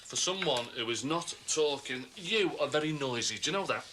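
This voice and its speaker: Lively, bright-voiced wide boy, cocky, wisecracking, faint tape hiss. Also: fairly high pitch, normal speed. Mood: sarcastic. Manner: cocky, wisecracking, drops to menacing hisses. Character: cocky chancer man selling stolen goods. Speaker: wheeler-dealer mate. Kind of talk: TV soap acting.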